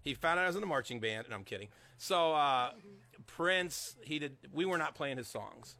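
A man's voice: fairly high pitch, animated, normal speed, sharp tone. A man telling a story during an interview, sheepish and laughing.

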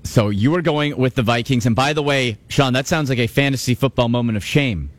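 Energetic sports radio host, dry studio sound. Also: male voice, mid-range voice, fairly quick, no room sound. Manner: energetic, emphatic, repeats for stress. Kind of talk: sports radio talk show. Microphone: studio microphone.

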